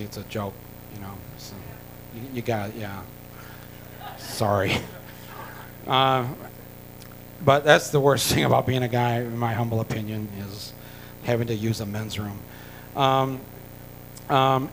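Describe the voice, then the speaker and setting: A man from the United States with a medium-pitched voice tells an audience a long, rambling anecdote full of fillers and restarts, slipping in wry jokes. The rough recording carries a little hiss or hum.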